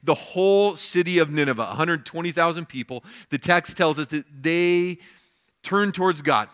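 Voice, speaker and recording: Male pastor, bright forceful voice, reads and explains scripture. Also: on the high side, normal speed, smooth. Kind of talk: sermon.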